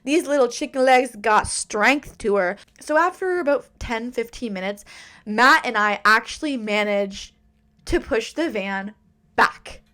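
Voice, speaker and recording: A woman hosting a casual storytime podcast, telling a story with an animated, dramatic delivery. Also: a little high, unhurried. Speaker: podcast host.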